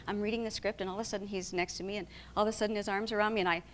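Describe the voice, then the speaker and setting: A woman from South Dakota in her forties, a talk show guest telling animated anecdotes and acting out the people she quotes. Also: racing. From South Dakota, USA. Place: TV studio with audience. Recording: faint rumble, satellite TV capture.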